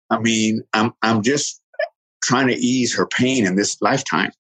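A middle-aged man earnestly telling a personal story, halting and restarting, quoting others in lively voices. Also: on the low side, rough recording.

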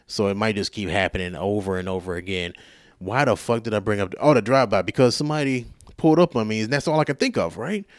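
A male podcast host telling a rambling story in casual chat, profane, animated and self-mocking, sounding tired. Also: on the low side, dry recording, studio quality.

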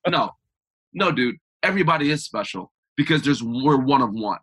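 A man guest on a podcast interview, talking in an energetic, emphatic, motivational way. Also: mid-range voice, moderate pace, husky. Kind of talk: conversational interview.

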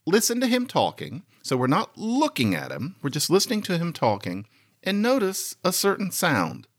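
A podcast host in lively, chatty commentary, explaining a point to listeners. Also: male voice, fairly high pitch, normal speed. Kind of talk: lecture-style commentary.

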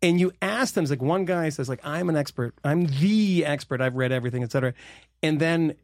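A man's voice: on the high side, fast talker, no room sound, studio quality. A man co-hosting a casual political podcast, rambling through anecdotes with many fillers and laughs. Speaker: podcast co-host.

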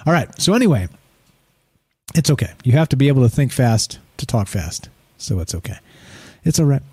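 A middle-aged man hosts a live call-in show, rattling off his thoughts quickly with plenty of fillers. His voice is mellow and warm. The sound is dry and close. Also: medium pitch, big pitch swings, husky, no echo. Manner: quick-talking, rambling with fillers. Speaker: podcast host.

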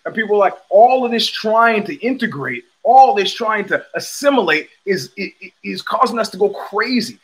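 A man hosting his own show, talking in a casual, animated monologue full of emphatic restarts. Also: high-pitched, poor audio. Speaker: host.

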